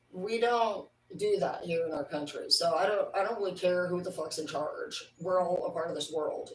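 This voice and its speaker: A woman's voice: on the low side, recorded from a distance, a little hiss or hum. A woman hosting a livestream talks in a loose, rambling way, swearing freely as she lectures. She sits back from the mic, and her voice bounces around a roomy space. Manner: profane, rambling, preachy. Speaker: livestream host. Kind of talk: casual rambling monologue.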